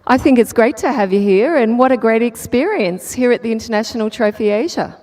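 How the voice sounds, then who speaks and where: Woman doing a quick pitlane interview, slightly high voice, cheery and encouraging. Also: a little mellow. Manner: upbeat, encouraging questions. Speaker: pit-lane interviewer. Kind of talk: live trackside interview.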